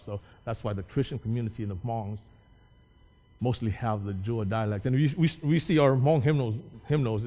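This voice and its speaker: Male pastor, mellow, patient explainer, restarts words, recorded with a hall's long echo. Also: medium pitch. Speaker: Hmong pastor speaking to a church. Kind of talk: informal church talk. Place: church hall. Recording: long echo of a large hall.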